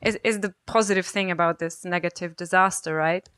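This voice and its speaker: A woman from Germany chats as a podcast guest and tells a travel story with a bright, clear tone. Her voice sounds close and dry, with little room sound. She laughs often and acts out other people's lines. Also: lowish voice, fairly even intonation, a little fast, no echo. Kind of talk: casual storytelling. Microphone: remote call-in.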